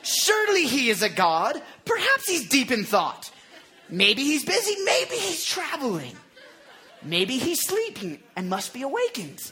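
A man's voice: high-pitched, sing-song, moderate pace, fairly bright tone, a little hiss or hum. A man doing a cocky trash-talking prophet. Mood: mocking. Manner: mocking, taunting.

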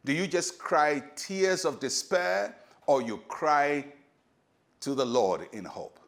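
A male pastor with a Ghanaian English accent delivers a short devotional sermon. His voice sits slightly high, and he preaches in an earnest, measured way, asking his listeners rhetorical questions.

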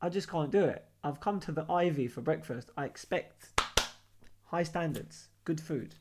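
A man's voice: on the high side, normal speed. A young man with a London accent casually telling travel stories, acting out the dialogue and laughing often. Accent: London English. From London, England. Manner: animated storyteller, acts out quoted dialogue, laughs often. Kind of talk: casual storytelling chat.

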